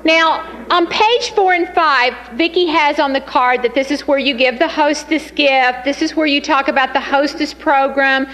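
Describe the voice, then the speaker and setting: A woman leading a sales training session, lively and teasing as she talks straight to the group. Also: high voice, normal speed, hardly any pauses, long reverb tail, low-quality recording.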